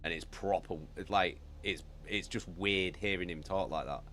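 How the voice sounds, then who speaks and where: A man's voice: sits low, steady tone, moderate pace, sharp tone. A British man chatting casually with viewers as a streamer, rambling and swearing freely. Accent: British English. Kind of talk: casual chat.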